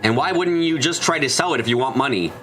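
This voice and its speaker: A man's voice: mid-range voice, expressive, quick pace, a bit bright, faint music behind. Exasperated, swearing gameplay commentator man. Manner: incredulous, profane, exasperated. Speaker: let's play host.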